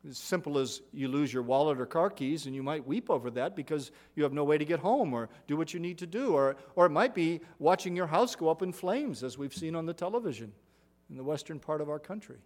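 Middle-aged male preacher, earnest sermon delivery, a touch higher-pitched, phrases trail off softly. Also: expressive. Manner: earnest, measured preaching with falling, softened phrase endings; repeats words and restarts with uh.

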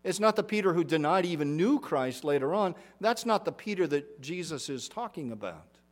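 A middle-aged man delivering a sermon from the pulpit. His voice sits a little high for a man, and he preaches earnestly, leaning on repeated phrases for emphasis. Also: sing-song, fairly quick. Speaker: pastor.

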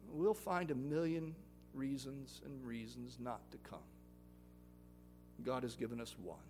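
A male pastor preaching a sermon in an earnest voice, rising louder and higher on his exhortations, then closing in prayer. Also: a little slow, slight background noise.

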